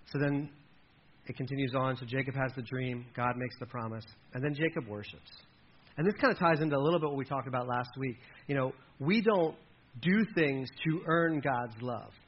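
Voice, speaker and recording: A man preaching a sermon as a pastor, lively and conversational, who drops his voice low and quiet when he speaks God's words. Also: normal speed, slightly rough, highs cut off.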